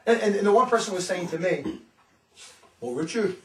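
Fast-talking fervent preacher, echoey and distant. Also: male voice, sits high. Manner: fervent, often acts out others' words. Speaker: religious community leader. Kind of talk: impassioned informal sermon.

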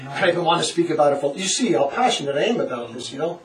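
A man giving a passionate religious lecture to a small group, animated and laughing often as he acts out quotes. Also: fairly high pitch, quick pace, reverberant, recorded from a distance, poor audio. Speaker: religious teacher.

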